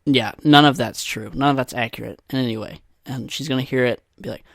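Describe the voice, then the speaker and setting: Young male solo podcaster, mid-pitched, crude rambling humor, dry booth-like sound. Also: fast talker, creaky, a bit bright, dry recording. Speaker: podcast host. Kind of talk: solo casual podcast monologue. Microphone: podcast microphone.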